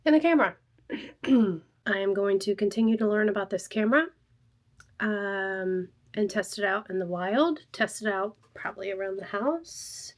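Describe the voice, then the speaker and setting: A soft-spoken woman chatting casually while walking around her home for a vlog, thinking aloud into a wireless clip-on mic. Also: mid-range voice. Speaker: vlogger testing a new camera.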